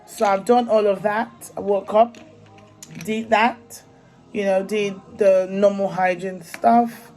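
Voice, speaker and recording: A woman's voice: medium pitch, fairly even intonation, slow pace, a little mellow, faint music behind, rough recording. A young woman from Africa with an African accent, chatting casually and animatedly to her vlog viewers and laughing often. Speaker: vlogger.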